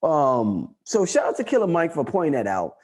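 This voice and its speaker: A New man chatting casually on a livestream, loose and profane, repeating himself for emphasis. His voice sits a bit high but sounds dark and mellow. He swings from low mutters to excited peaks. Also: moderate pace, slightly rough. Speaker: livestream host answering chat.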